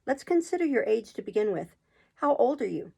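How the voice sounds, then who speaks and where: A woman voicing a fussy, flustered old queen in a storybook read-aloud, talking emphatically and now and then rising high. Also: sing-song, a little fast, gravelly, warm tone, breathy edge, exaggerated voice.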